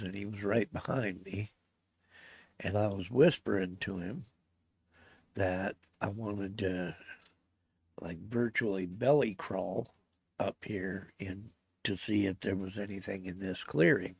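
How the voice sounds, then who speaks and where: A man's voice: lowish voice, takes it slowly, no room sound. A middle-aged man telling a personal story in casual speech, blunt and swearing often. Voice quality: gravelly. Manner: blunt, swears constantly, grows heated and loud. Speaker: storyteller recounting a personal event.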